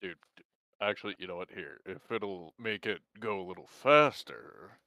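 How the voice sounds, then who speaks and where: A man playing in a tabletop game, joking with deadpan asides. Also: deep voice, normal speed, dry recording, studio quality. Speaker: player. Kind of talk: tabletop role-play banter.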